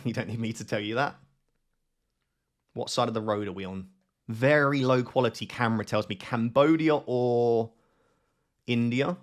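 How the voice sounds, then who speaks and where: Man thinking aloud over a game. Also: mid-range voice. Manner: thinks aloud, questions himself. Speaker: gaming channel host. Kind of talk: live gameplay commentary.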